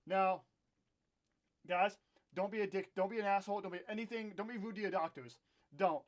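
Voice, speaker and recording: Young man, high voice, casual storytime vlog, candid and ranting, self-deprecating, talking into own camera. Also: fairly quick. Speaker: vlogger.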